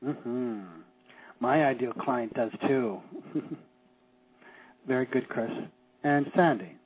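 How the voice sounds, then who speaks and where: Husky man coaching over a phone line. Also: medium pitch. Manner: enthusiastic, slows to stress key phrases. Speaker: seminar leader. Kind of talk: teleseminar coaching.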